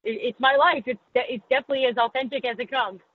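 A woman's voice: high voice, fairly even intonation, fast talker, no echo, phone-quality sound. A woman sports reporter talking candidly in a podcast interview, poking fun at herself. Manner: candid, self-deprecating, quotes people in put-on voices.

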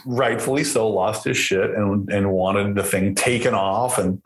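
Man, mid-pitched voice, animated storyteller, roomy echoey recording. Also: a little slow, few pauses, slight background noise. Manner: lively storyteller who acts out the people he quotes. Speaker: guest producer of prank shows. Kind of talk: casual storytelling interview. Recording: echoey room.

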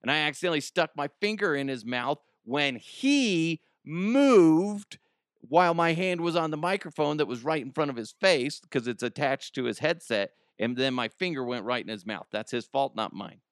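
A man with a fairly high, expressive voice hosts a podcast at a moderate pace, rambling through a casual comedic monologue and laughing at his own jokes. It's studio quality with no room sound.

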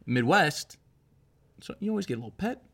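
A man's voice: fairly high pitch, sing-song, fairly quick, a bit bright. Man, podcast co-host, casual chat, sarcastic, jokey. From East Coast US. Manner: jokey, sarcastic, puts on silly voices.

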